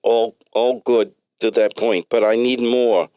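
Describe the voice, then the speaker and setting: A man's voice: medium pitch, steady tone, unhurried, dark tone, smooth, no echo, voice pushed up, lightly acted. A man voicing a fussy, talkative male doctor with a heavy New York accent, stammering and restarting as he chatters. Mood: brisk. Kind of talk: comic storybook reading.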